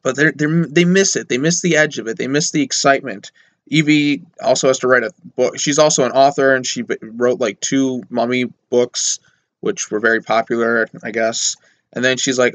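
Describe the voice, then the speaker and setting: A man's voice: medium pitch, fairly even intonation, moderate pace, fairly bright tone. Rambling, conversational male movie reviewer. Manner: rambling and conversational, full of fillers and asides; sarcastic mock voices when quoting characters. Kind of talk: casual spoken film review.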